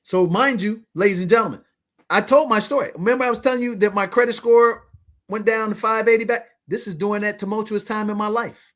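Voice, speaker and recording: A man in his fifties telling a motivational story to his listeners, animated and slangy, often calling out to them as ladies and gentlemen. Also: sits high, a little fast. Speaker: podcast host and money coach.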